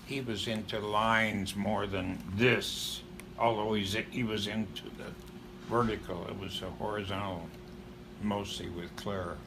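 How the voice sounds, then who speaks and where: A man explaining something in a relaxed, halting way during an interview. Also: fairly low pitch. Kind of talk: conversational interview. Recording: noisy older clip.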